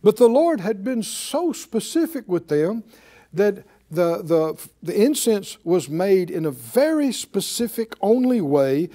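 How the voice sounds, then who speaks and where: A man's voice: high-pitched, dark tone. A man teaching a Bible study, emphatic and full of rhetorical questions to his listeners.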